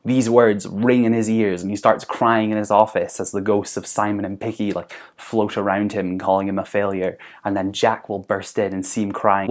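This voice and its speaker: A man's voice: on the low side, level tone, moderate pace, hardly any pauses. A young man giving a playful, rambling comedic monologue as a vlogger, full of "like". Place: bedroom.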